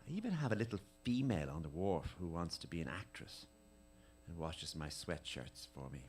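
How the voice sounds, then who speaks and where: A man giving a dramatic reading of letters at a live tribute event, with an intimate, measured, lingering delivery. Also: low voice, very animated, darkish tone, a little hiss or hum.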